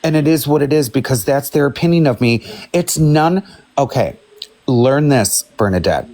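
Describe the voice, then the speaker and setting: A man in casual live stream chat, speaking frankly in a measured, reflective way. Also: medium pitch, animated, a little mellow, no echo.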